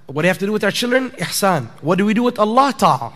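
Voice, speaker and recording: A man's voice: high voice, very animated, fast, a bit bright. Man preaching in a reverberant mosque hall. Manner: conversational preaching with rhetorical questions, rising to emphatic peaks. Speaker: imam giving a sermon. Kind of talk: sermon.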